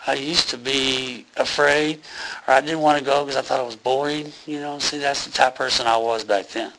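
A man with a gravelly, bright-edged voice tells his own story in a rambling, earnest way, full of fillers and restarts. A faint hiss of noise sits under the recording. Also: medium pitch, fairly even intonation, brisk, rough recording. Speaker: interviewee telling a near-death experience. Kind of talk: personal testimony.

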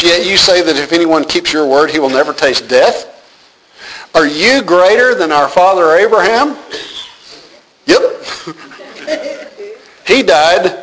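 A man's voice: fairly high pitch, fairly bright tone, low-quality recording. A man teaching a Bible passage, reading verses aloud and explaining them with humor and rhetorical questions.

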